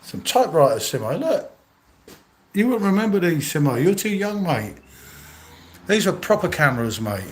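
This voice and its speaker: A man's voice: high voice, big pitch swings, moderate pace, pauses often, breathy edge. Chatty man on a live walk-around. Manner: chatty, marvelling, addresses viewers in chat by name. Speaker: vlogger streaming live. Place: indoor museum with old exhibits. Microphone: handheld phone while walking.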